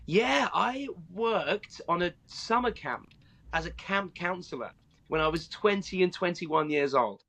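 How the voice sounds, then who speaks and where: A southern English man in his thirties tells stories as a guest, his accent lightly tinged with Australian vowels. His voice sits a little high for a man, and he talks in an animated way, full of ums and restarts. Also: a little slow. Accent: southern English, slightly Australian. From southern England. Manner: animated storyteller with frequent fillers and restarts. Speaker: guest, stand-up comedian. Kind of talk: casual interview chat.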